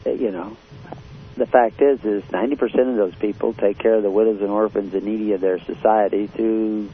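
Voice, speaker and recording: Male preacher, lowish voice, blunt and confrontational, tinny phone-like radio audio with faint hiss. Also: vocal fry. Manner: blunt, confrontational, with many uh fillers. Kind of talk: radio sermon.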